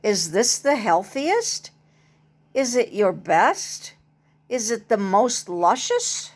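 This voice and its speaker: Storybook child: an earnest, eager little boy, read by a woman, slow and pleading. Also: medium pitch, big pitch swings. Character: earnest young boy caring for a stray dog.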